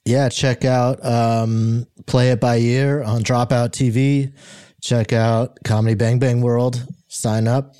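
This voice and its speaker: A man's voice: medium pitch, little pitch movement, slow pace, warm tone, clean tone, dry recording, studio quality. A man co-hosting a comedy podcast, chatty and amused, rambling through a story. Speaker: podcast co-host. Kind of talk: casual comedy chat.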